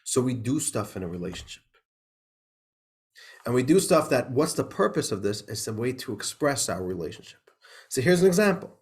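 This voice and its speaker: A man's voice: medium pitch, sing-song, moderate pace. A man, a rabbi, teaching an informal class, talking in a chatty way with laughs, many restarts and questions like "right?". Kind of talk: informal class lecture with a joke.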